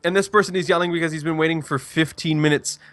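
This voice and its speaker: Casting note: young guy, slightly high voice, dry close mic, rambling storyteller. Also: steady tone, fast, a bit bright, no room sound, faint music behind. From Canada. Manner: rambling, restarts a lot. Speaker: stream co-host. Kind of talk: casual storytelling.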